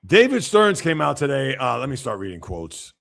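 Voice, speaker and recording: Opinionated male sports host with gravelly voice. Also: mid-range voice, very animated, moderate pace, fairly bright tone. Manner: opinionated, reacting to viewer comments; blunt and emphatic when criticizing. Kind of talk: casual livestream sports commentary.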